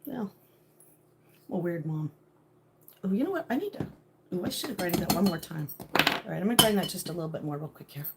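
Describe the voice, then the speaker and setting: A middle-aged woman chatting casually with viewers on a home livestream, laughing often and sometimes dropping to a hushed voice. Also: on the low side, animated, fast talker, long pauses, noisy background. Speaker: livestream host.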